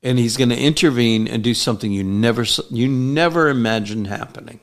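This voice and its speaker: A man preaching a sermon, rising loud and emphatic on key lines. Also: mid-range voice, fairly quick.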